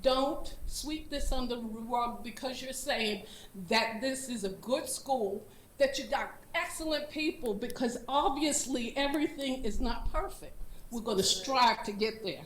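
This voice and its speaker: A woman's voice: on the high side, unhurried, a little hiss or hum. An older woman speaking earnestly and unscripted during public comment at a school board meeting, with a laugh now and then. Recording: echoey meeting room.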